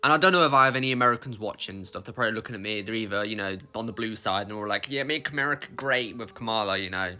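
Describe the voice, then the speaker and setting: A man's voice: on the low side, racing, hardly any pauses, pushed and bright. A man from the UK with a British accent, ranting bluntly to camera in a casual vlog, swearing and calling the viewer "mate.". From United Kingdom. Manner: blunt and profane, says "mate" constantly. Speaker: vlogger. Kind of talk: casual opinion rant to camera.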